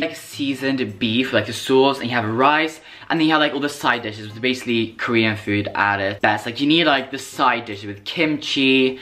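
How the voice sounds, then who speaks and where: Excitable sassy young British man. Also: medium pitch, normal speed, few pauses. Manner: excitable, dramatic and sassy, swears freely. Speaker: vlogger. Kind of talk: casual vlog chat. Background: background music.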